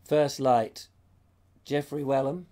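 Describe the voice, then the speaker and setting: A man's voice: mid-range voice, fairly even intonation, slow pace, mellow. A middle-aged man hosting a casual live chat, reading viewer comments aloud and reacting to them. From Britain. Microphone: lapel mic.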